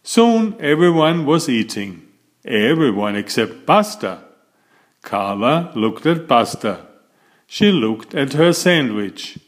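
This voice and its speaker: Male storybook reader, unhurried and expressive, bedtime read-aloud. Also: mid-range voice.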